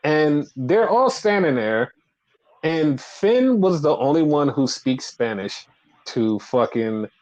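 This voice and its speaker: On slightly dull lo-fi audio, a male podcast co-host with a fairly high, slightly mellow voice gets very animated yet takes it slowly. He rambles through a casual wrestling recap, full of fillers and acted-out quotes.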